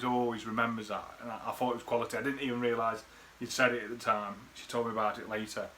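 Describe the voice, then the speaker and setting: Guy, bright tense voice, rambling and sweary, faint background hiss. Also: medium pitch, level tone, quick pace, few pauses. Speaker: friend recording a birthday message. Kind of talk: casual rambling reminiscence.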